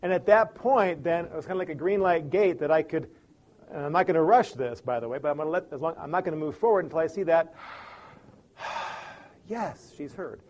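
A man's voice: on the high side, brisk, darkish tone, muffled recording. A man giving a lesson on listening in a conversational way, telling stories and acting out the people in them. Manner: conversational, acts out quoted people. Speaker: teacher on listening. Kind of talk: lecture with anecdotes.

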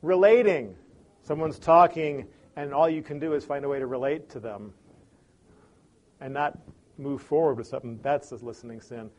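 A man's voice: fairly high pitch, moderate pace, pauses often, darkish tone. Man teaching, conversational with asides. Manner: conversational, acts out quoted people. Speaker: teacher on listening. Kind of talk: lecture with anecdotes.

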